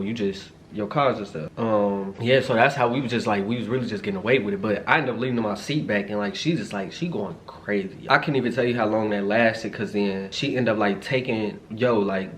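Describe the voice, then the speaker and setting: A man in his twenties telling a casual personal story to his viewers, blunt and slangy, jumping to high, excited exclamations when reacting. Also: a little hiss or hum. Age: 20s.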